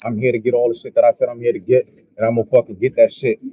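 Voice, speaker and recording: A man's voice: medium pitch, level tone, very fast, narrow, tinny audio. A man giving a profane, repetitive motivational monologue in a casual vlog. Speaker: motivational vlogger.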